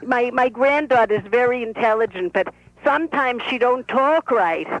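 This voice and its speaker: A woman's voice: on the high side, normal speed, dry recording, voice pushed up, natural voice. Woman voices brassy elderly grandmother, Brooklyn-Yiddish accent, talky and pushy, over a dull phone line. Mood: boastful, chatty. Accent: Brooklyn with Yiddish inflection. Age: older. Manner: brash, folksy, talks over people. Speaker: playwright performing her character. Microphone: telephone.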